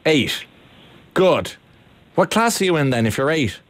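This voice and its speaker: Teasing woman host, lively voice. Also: deep voice, a little slow. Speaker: radio host. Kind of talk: playful chat with a child.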